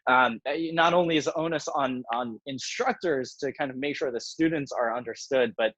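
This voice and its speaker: A man's voice: medium pitch, moderate pace, a bit bright, no room sound. A man hosting a casual video call discussion, speaking in an upbeat, encouraging way. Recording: dry, muffled lo-fi audio.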